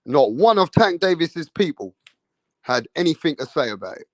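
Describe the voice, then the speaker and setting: A man's voice: fairly high pitch, very animated, moderate pace, dry recording. A man hosting a casual boxing livestream, greeting viewers in the chat by name in slangy talk.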